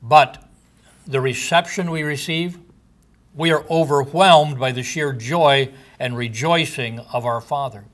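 A man, likely older, delivering a sermon slowly and deliberately, letting his phrases trail off softly at the ends. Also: mid-range voice. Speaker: preacher.

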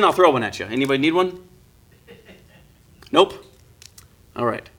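A man leading a Bible study, reading a passage and then walking a class through it. He talks conversationally, with quick jokes and restarts. His voice sits at an ordinary middle pitch. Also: lively intonation, bright, forceful tone. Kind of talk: Bible lesson with reading and explanation.

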